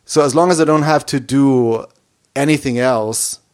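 A man's voice: mid-range voice, normal speed, darkish tone. Guy podcast co-host, casual chat, eager, keeps restarting sentences. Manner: eager, restarts, enthusiastic offers.

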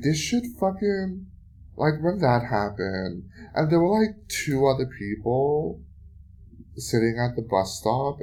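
A man hosting his own podcast tells a story in a casual solo monologue, his voice fairly low in pitch and darkish in tone. He swears often and vents with exasperation, filling the gaps with plenty of fillers.

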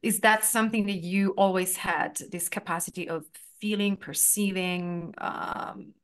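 Chatty woman host, rambling warmly. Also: mid-range voice, fairly even intonation, measured pace, clean tone. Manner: enthusiastic, rambling, many fillers. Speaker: podcast host. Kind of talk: casual interview chat.

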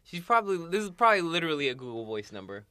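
A young man co-hosting a podcast and tossing in quick, profane wisecracks. His voice is slightly high and bright, with a sharp edge. The sound is dry and close. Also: big pitch swings, clean tone, no room sound. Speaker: podcast co-host. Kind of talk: casual podcast banter.

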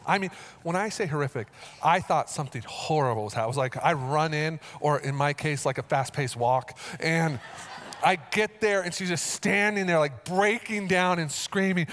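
A male pastor preaching a sermon in an earnest way, repeating phrases as he goes and rising into animated storytelling. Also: high-pitched, moderate pace.

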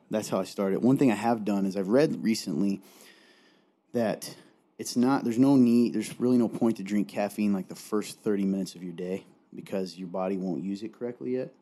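A man's voice: on the low side, moderate pace, mellow. A young man co-hosting a podcast in easygoing casual chat, often trailing off mid-sentence. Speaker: podcast co-host.

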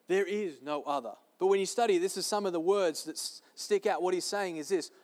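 A man's voice: high-pitched, fairly even intonation, brisk, darkish tone. A man preaching a sermon to a church service, emphatic and repeating his key phrases. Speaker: pastor. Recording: long reverb of a large hall.

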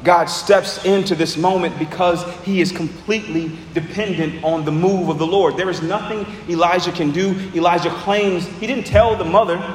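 A man's voice: high voice, steady tone, moderate pace, few pauses. A man preaching a sermon as pastor, earnestly reading scripture and then explaining it to the congregation. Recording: echoey hall with long reverb.

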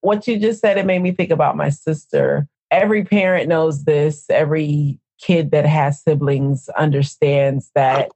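A woman co-hosting a casual conversation, telling family stories in an expressive, animated way. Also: low-pitched, unhurried, few pauses, dry recording. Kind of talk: casual chat.

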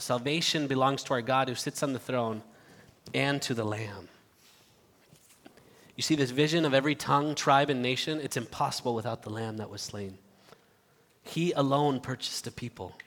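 A man preaching a sermon in a church, earnest and halting, swinging from loud appeals to hushed asides. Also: mid-range voice. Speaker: pastor. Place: church sanctuary. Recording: reverberant church hall.

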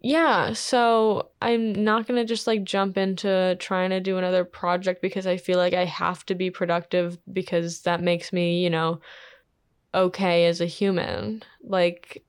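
Young woman, podcast co-host, smooth clear voice, dry close sound, laid-back frank chat. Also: fairly low pitch, little pitch movement, unhurried, dry recording. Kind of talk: casual chat. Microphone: desk microphone.

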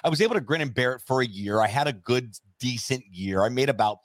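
Fast-talking man spinning a story. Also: medium pitch, dry recording. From Miami. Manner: animated storyteller who acts out quoted voices. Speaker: podcast guest. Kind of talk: casual storytelling interview.

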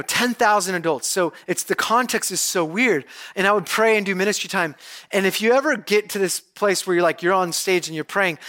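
A man's voice: sits high, bright, forceful tone. A male pastor giving a sermon, telling stories conversationally and then preaching with emphatic conviction.

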